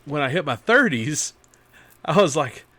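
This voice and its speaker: A man's voice: on the high side, very animated, measured pace, pushed and bright. A middle-aged man with an East Tennessee accent, co-hosting a casual chat and telling stories. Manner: storytelling, restarts often. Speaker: podcast co-host.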